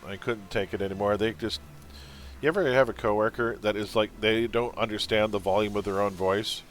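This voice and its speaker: A man livestreams a superhero game, talking casually and bluntly to his viewers and teammates as he plays, venting with laughs. His voice is on the low side, steady, and a little fast.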